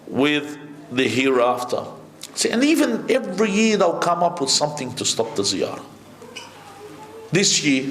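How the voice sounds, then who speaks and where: Male sheikh, fervent sermon delivery, high pitch, roomy hall sound. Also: fairly bright tone. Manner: impassioned, rhetorical questions, rising to high emphatic peaks. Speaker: sheikh preaching at a majlis. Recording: echoey hall.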